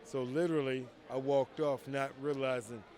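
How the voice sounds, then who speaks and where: Man, storytelling interview, animated, acts out quoted lines, casual swearing. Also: mid-range voice, moderate pace. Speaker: retired fighter telling stories. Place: outdoors at a convention.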